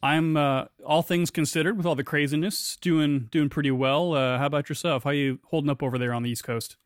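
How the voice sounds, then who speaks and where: A man hosting a podcast, joking about himself in a wry, quick-talking way before chatting casually with his guest. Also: a little high, fairly even intonation, no room sound, studio quality. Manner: wry, self-mocking jokes, quick delivery. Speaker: podcast host. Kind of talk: scripted intro then casual interview chat.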